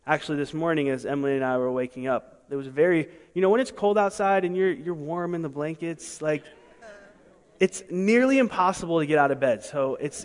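A male pastor preaching a sermon, emphatic, asking the congregation rhetorical questions and swinging between soft and loud delivery. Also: a little high. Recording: long hall reverb.

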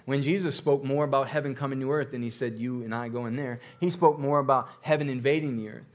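A man's voice: mid-range voice, fairly even intonation, fast talker. A man delivers a sermon from the pulpit in a mid-range voice. He repeats key phrases for emphasis and works himself up to bursts of fervor. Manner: preaching with rising intensity, repeats phrases, laughs. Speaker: pastor.

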